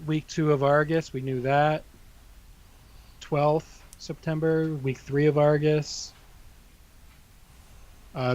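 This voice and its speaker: A man's voice: fairly high pitch, a little mellow, highs cut off. A man co-hosting a gaming podcast, casually running through an event list with loose asides. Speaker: podcast co-host.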